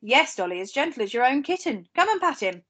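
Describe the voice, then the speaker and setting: A woman voicing a gentle, cheery male cab driver in a read-aloud story. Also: high voice, sing-song, quick pace, breathy edge, heavily acted. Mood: kindly. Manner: gentle and decided. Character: kind, cheery grown man, a cab driver.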